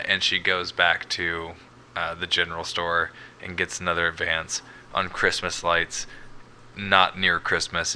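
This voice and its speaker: A man with a very deep voice and a sharp, bright edge co-hosts a podcast in an easygoing way. He swears casually and laughs along with his partner. Faint hiss lies behind the recording. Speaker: podcast co-host. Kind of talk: casual recap chat.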